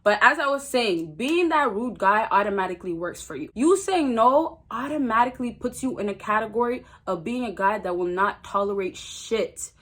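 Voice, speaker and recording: A woman's voice: mid-range voice, lively intonation, normal speed, hardly any pauses, fairly bright tone. A young woman vlogging dating advice in a blunt, emphatic way, often repeating her key phrases. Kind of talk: casual advice monologue to camera.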